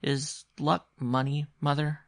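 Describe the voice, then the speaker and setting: Man voicing a curious young boy, eager and questioning, pitched well above the reader's voice, storybook reading. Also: big pitch swings, normal speed, creaky, fairly bright tone, dry recording, clean studio sound, exaggerated voice.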